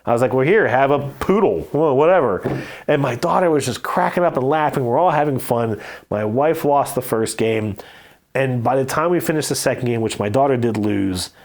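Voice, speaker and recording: A man with a mid-pitched voice talks casually as a podcast host. He tells anecdotes in an animated, conversational way, speaking at an ordinary pace. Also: normal speed. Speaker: podcast host reviewing board games. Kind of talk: casual chat.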